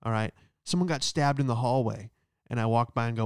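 A man's voice: medium pitch, fairly quick, clean tone, no echo, clean studio sound. A male comedian hosting his own show, delivering a sarcastic, rambling stand-up monologue that keeps tossing in "all right?". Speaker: comedian host.

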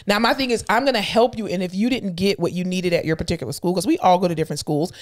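A woman in her thirties, a podcast co-host, telling blunt, profane workplace stories in casual chat. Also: on the low side. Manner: blunt, fast-talking storyteller, profane and emphatic. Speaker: podcast co-host and clinical instructor.

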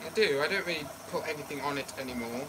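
A man's voice: on the high side, racing, background noise. A man appearing as a guest on a live stream, chatting casually, laughing along and giving brief replies. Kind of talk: casual chat.

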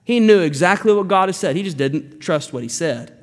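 A man's voice: sits high, animated, brisk. A male pastor preaching an earnest expository sermon, building up to emphatic rebukes. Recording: long reverb of a church hall.

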